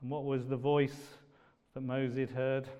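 A man preaching a sermon, moving from loud, ringing declarations to hushed, almost whispered lines. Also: mid-range voice, level tone, clear, resonant tone. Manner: slow and dramatic, swings from loud declaiming to hushed near-whispers. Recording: dull audio with long hall reverb.

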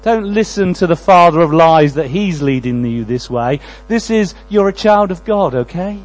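Impassioned male preacher, hushed to loud. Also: on the high side, lively intonation, moderate pace, poor audio. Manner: swings from hushed prayerful lines to loud pleading passages. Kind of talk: sermon.

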